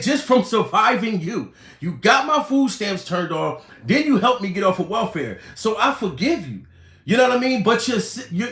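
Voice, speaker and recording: A man ranting loudly in a comedic commentary, excitable and profane, breaking into shouts. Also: sits high. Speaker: comedy YouTuber. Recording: roomy echo.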